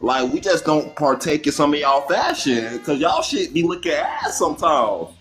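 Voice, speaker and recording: A man's voice: on the high side, lively intonation, moderate pace, fairly bright tone, soft background music, low-quality recording. A man from Florida in a casual panel debate, talking loosely with lots of "like" and plenty of swearing. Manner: loose and profane, hedging with lots of "like".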